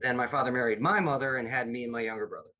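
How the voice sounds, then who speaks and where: A man's voice: mid-range voice, very fast, pushed and bright. A middle-aged man from upstate New York, a comedy producer chatting as a podcast guest, rambling with many restarts. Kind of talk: casual interview chat.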